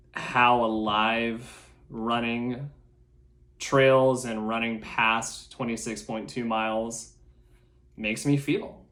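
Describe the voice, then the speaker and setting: A man hosts a solo podcast, speaking slowly and deliberately at a mid-range pitch. He sounds earnest and a little nervous, pausing and restarting as he pokes fun at himself. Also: fairly bright tone. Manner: earnest, self-deprecating, halting. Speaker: podcast host.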